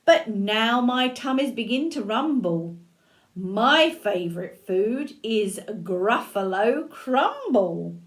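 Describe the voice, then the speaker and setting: Grandma playing a clever little mouse. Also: female voice, on the high side, lively intonation, takes it slowly. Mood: smug. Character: small clever boastful mouse, storybook animal.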